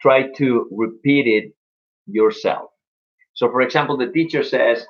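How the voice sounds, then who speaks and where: A young man gives an upbeat English lesson over a live stream, slowing down and drawing out the words he wants to stress. His voice sits in a middle pitch. The sound is a little dull and lo-fi. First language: Spanish. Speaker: English teacher.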